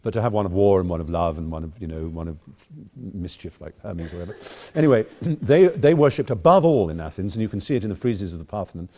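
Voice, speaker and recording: A man's voice: sits low, expressive, fast, hardly any pauses, mellow. A man in his fifties with an English accent, giving an erudite, wry, digressive speech to a debating society audience. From England. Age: 50s. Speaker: guest speaker.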